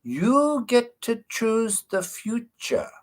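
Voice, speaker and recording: A man voicing an old male cardiologist who gives calm, measured advice in a slow, deliberate way. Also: very high voice, voice pushed up, heavily acted.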